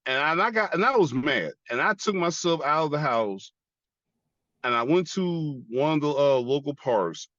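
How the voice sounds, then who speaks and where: A man's voice: on the high side, lively intonation, moderate pace, a bit bright, dry recording, lo-fi sound. An American man, an army veteran, giving an earnest personal testimony as an interview guest and repeating phrases for emphasis. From United States.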